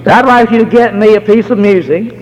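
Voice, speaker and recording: A middle-aged American man preaching a sermon, telling folksy stories and slowing down to stress key words. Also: high-pitched, in a large hall, rough recording. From United States.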